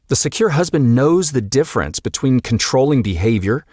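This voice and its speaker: A man hosting his own podcast as a marriage coach, speaking earnestly and deliberately with emphatic pauses. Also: mid-range voice, sing-song, darkish tone, no echo, clean studio sound. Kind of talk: solo podcast monologue.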